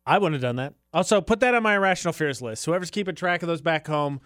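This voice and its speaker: A man co-hosting a radio show, chatting in a jokey, animated way into a studio microphone. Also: fairly high pitch, fast talker, no room sound. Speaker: radio co-host. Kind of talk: casual radio chat.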